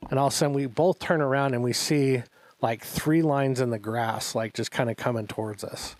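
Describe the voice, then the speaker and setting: A man telling a story on his podcast, relaxed and chatty. He acts out each line of dialogue as he goes. His voice sits in a middle range, and the recording is close and dry. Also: mid-range voice, brisk, no echo. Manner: animated anecdote-telling with acted-out quotes. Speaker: podcast co-host. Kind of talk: casual storytelling chat.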